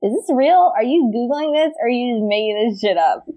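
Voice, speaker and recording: Woman player, high and very lively voice, playful, dry close sound. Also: fairly quick, no room sound, poor audio. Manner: playful, eager, stumbling restarts. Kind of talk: casual tabletop game chat.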